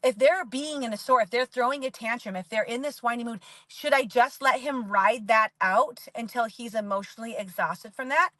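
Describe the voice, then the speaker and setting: A woman's voice: on the high side, moderate pace, hardly any pauses, bright, forceful tone, no room sound. Candid rambling woman in her forties. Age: 40s. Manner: rambling and candid, heavy use of "like". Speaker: parenting vlogger. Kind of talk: casual confessional monologue.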